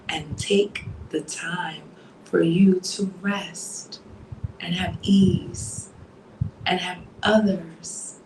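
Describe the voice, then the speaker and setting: A woman from New Jersey with a slight Southern accent at times, giving a soothing, affectionate motivational talk that often drops to a breathy near-whisper. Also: on the low side, a little mellow, roomy sound, slight background noise, low-quality recording. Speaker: motivational coach. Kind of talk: soft-spoken motivational talk.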